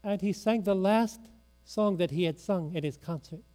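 A man preaching a sermon in a church, telling a story slowly and dramatically, sometimes dropping to a hush. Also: high voice. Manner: slow dramatic storytelling, drops to a hush at the end.

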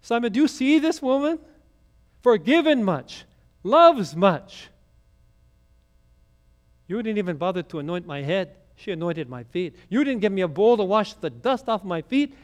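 A man voicing Jesus as a calm, gentle teacher, spoken earnestly within a sermon. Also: high voice, a little slow, voice pushed down.

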